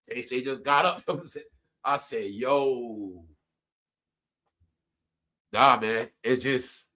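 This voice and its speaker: A middle-aged man telling personal stories to his viewers in casual chat, animated and laughing often, jumping from loud outbursts to low mutters. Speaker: live stream host.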